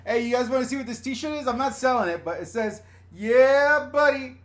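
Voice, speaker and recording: Man, middle-aged, high-pitched voice, blunt, chatty, swearing, live-stream rant at home. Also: expressive, fast, a little hiss or hum. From New York / New Jersey area. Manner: blunt, chatty, swears freely, reads viewer comments aloud. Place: room at home.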